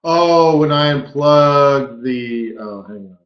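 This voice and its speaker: A man's voice: mid-range voice, takes it slowly. A man hosting a live trading webinar, exclaiming playfully as he goes through the charts. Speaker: forex webinar host. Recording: roomy, slightly dull webinar audio.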